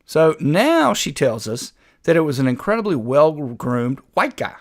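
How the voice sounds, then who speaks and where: A man's voice: on the high side, big pitch swings, a little slow. A man hosting a political commentary show, talking in a sarcastic, combative way. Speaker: host.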